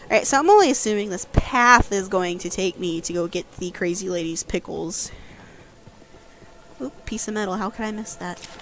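A woman giving casual let's-play commentary as a guest host, jumpy and quick to yelp when frightened. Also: medium pitch, slight background noise. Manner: jumpy, yelps and squeals when scared.

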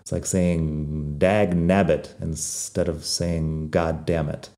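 A man with a low, very dark and mellow voice gives a casual podcast lesson on Spanish slang. He talks in a relaxed, wry way, and his Spanish words carry a non-native accent. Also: slow. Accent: non-native Spanish accent when speaking Spanish. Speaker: Spanish teacher.

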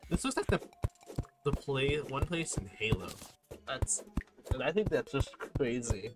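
A man's voice: mid-range voice, animated, unhurried, long pauses. A young man giving playful, rambling gaming commentary, repeating silly words in sing-song loops. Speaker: gaming video creator. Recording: game music behind.

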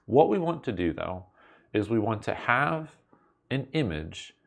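A man's voice: lowish voice, very animated, measured pace, gravelly. A man teaching a recorded coding lesson at his computer, in a playful, wry way with jokey asides to the viewer. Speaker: instructor.

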